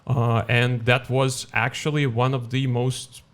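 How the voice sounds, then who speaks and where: A man's voice: mid-range voice, flat delivery, measured pace, fairly bright tone, clear, resonant tone. Hesitant Russian man on a podcast. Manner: hesitant, many fillers and restarts, laughs while telling. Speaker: podcast guest. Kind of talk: casual chat.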